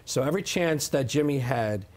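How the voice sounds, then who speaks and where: A man's voice: medium pitch, lively intonation, normal speed. A man in his thirties answering interview questions in an emphatic, defensive way, often adding "okay?". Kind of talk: sit-down interview.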